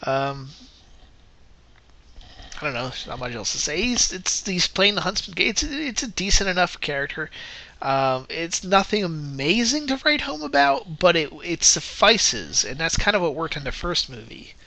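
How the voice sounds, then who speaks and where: A man's voice: on the high side, big pitch swings, normal speed, vocal fry, sharp tone. A man giving a casual spoken movie review, rambling and correcting himself as he goes, often breaking into laughter. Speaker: film reviewer.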